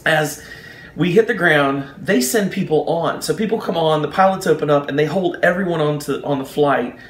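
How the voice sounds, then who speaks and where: Animated man telling a story. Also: on the high side, normal speed, slight background noise. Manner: animated, acts out the people in his story. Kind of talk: casual personal anecdote. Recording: roomy echo.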